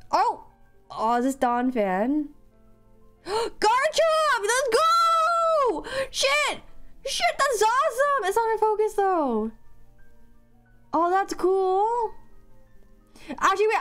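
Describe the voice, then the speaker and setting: A young woman commentates her live game playthrough in a high voice. She is excitable and swears freely when things go well. Faint music plays under her talk. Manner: excitable, shouts and laughs at big moments. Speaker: streamer.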